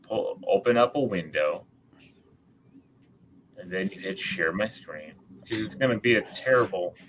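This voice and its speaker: A man's voice: deep voice, expressive, unhurried, noisy background. A man co-hosting a casual livestream chat, speaking hesitantly with many repeated words and restarts. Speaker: podcast co-host.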